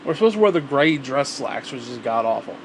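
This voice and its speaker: A man's voice: mid-range voice, very animated, brisk, slight background noise. A man ranting to the camera in a rambling, profane monologue, repeating himself as he grows heated. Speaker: vlogger.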